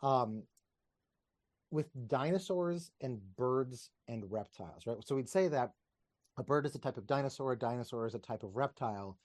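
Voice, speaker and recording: A man's voice: mid-range voice, darkish tone, no room sound. A man, a podcast guest and teacher, explaining ideas in casual conversation with enthusiasm, wandering off on tangents and laughing as he talks, recorded over a video call.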